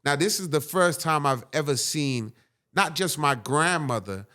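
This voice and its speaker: An unhurried man with a fairly high pitch, guesting on an interview show, describes a personal episode. His telling is dramatic and animated, punctuated by frequent "right?"s.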